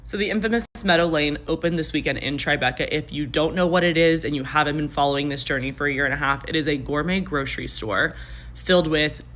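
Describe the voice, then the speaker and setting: Emphatic low-voiced woman vlogger. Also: fast talker, fairly bright tone. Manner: emphatic, defiant. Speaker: vlogger defending a store. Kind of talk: opinion vlog.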